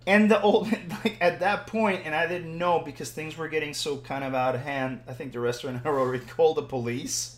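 A man from Puerto Rico telling a story in casual chat, animated and building to loud bursts when excited. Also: on the high side, a little fast, hardly any pauses. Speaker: podcast host telling a story. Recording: roomy echoing room.

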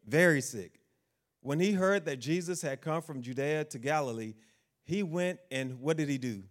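A man's voice: a little high, moderate pace. A man preaching a sermon, asking the congregation questions and acting out the figures of the Bible story in quotes.

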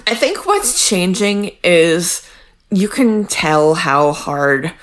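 A woman co-hosts a casual podcast recap, talking in a wry, chatty way. She takes her time, with an unhurried, easy pace. She laughs often as she goes. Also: on the low side, big pitch swings. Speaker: podcast co-host.

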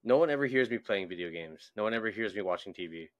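A young man co-hosting a podcast in a casual chat, animated and laughing often. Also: on the low side, fast, no room sound. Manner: animated, laughs often, acts out voices in stories. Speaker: podcast co-host.

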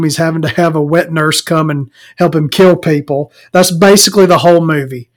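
A man ranting about a movie in a rambling, sarcastic, profane way, laughing at his own jokes. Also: a little high. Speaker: movie reviewer. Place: home recording, eating and drinking.

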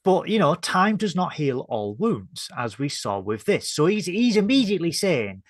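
A man's voice: on the high side, sing-song, moderate pace, no room sound. Hesitant man, dry close sound. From Northern England. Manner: recaps scenes, hesitant with ums and self-corrections. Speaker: podcast co-host. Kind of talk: casual review chat.

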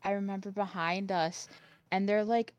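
Smooth-voiced woman co-hosting a podcast. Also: mid-range voice, steady tone, dull audio. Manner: chatty, quick to correct and chime in. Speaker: podcast co-host. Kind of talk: casual chat.

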